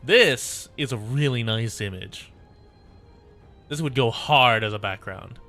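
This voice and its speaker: Bright-voiced male streamer. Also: mid-range voice, slow pace, faint music behind. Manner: casual, swears freely. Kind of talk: casual reaction while reading a game story.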